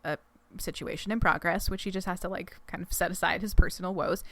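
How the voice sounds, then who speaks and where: A woman's voice: on the low side, steady tone, fast, fairly bright tone, a little hiss or hum. A young adult woman co-hosting a podcast, chatting casually and giggling, with rambling fillers and restarts as she retells a story. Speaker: podcast co-host. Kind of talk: casual chat, reading a fic summary aloud.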